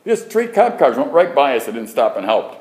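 Lively-voiced man preaching conversationally. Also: medium pitch, fairly quick. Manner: conversational preaching with many restarts, rising to emphatic. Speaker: preacher and radio host. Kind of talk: sermon.

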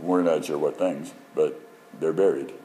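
A male preacher giving a sermon in an animated, joking, emphatic storytelling manner. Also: a bass voice, a little slow, slight background noise, rough recording.

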